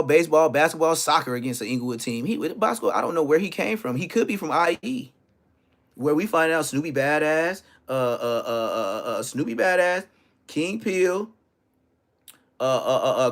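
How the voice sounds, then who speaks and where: A man telling a story in an animated way, full of profane street slang. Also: on the high side, normal speed. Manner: profane slang, acts out others' lines.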